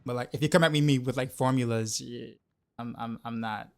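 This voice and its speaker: A man's voice: mid-range voice, steady tone, a little fast, gravelly. A man streaming a game, chatting casually and rambling with lots of filler words. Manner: rambling, many "like" fillers and repeats. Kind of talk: casual livestream chat while gaming.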